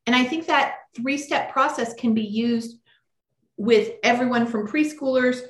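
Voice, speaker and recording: A woman hosts a conversational podcast interview in a brisk, direct, pragmatic way. Her voice sits fairly high, and the room around her is echoey. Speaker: podcast host.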